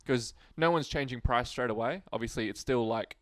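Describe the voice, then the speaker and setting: A man's voice: mid-range voice, fairly quick, no echo. Laid-back man, rambling sports chat. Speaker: podcast co-host.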